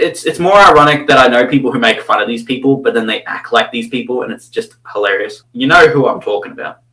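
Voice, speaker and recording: A man's voice: medium pitch, bright, forceful tone, low-quality recording. An Australian man giving rambling, crude, mocking commentary, full of fillers and restarts. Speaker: channel host.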